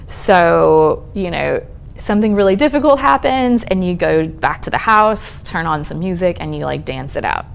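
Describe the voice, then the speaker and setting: Woman speaker, therapist type, low voice with some fry, conversational, faint hiss behind. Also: lively intonation, moderate pace. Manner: conversational, reassuring, frequent "um" and "okay?" check-ins. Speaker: speaker on trauma and resilience, therapist. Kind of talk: conference talk to an audience. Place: lecture room at a college event.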